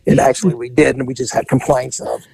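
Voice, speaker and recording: A man's voice: mid-range voice, a little fast, gravelly, husky, no echo. A man co-hosting a podcast, telling profane, comedic stories from his police days and acting out the people in them. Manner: profane, animated, acts out quotes. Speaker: podcast co-host, former police officer. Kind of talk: casual comedic storytelling.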